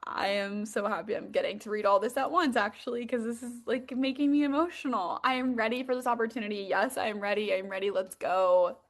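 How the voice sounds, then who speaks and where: A young woman runs a live-streamed coaching session and sits a little high in her register. She sounds bubbly and excitable, and "like" runs all through her speech. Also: fairly quick, few pauses. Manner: bubbly and excitable, heavy use of "like". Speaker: manifestation and mindset coach.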